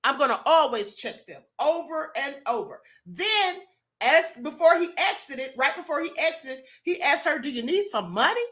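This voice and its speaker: This Kentucky woman hosts a livestream, reading out viewer comments with sassy, emphatic commentary and frequent use of "honey" and "beloved." Her voice sits high and a bit bright, with lively intonation and a normal pace.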